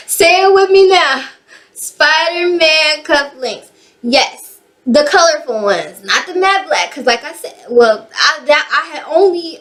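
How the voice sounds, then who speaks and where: A young woman from the Bay Area telling a personal story in a casual, animated way, swearing freely. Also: high voice. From San Francisco Bay Area. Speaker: vlogger.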